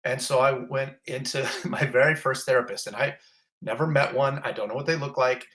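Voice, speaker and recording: A middle-aged fire captain tells a story during a casual interview, speaking a little fast in a mid-range voice. He's animated and pokes fun at himself while acting out what people said.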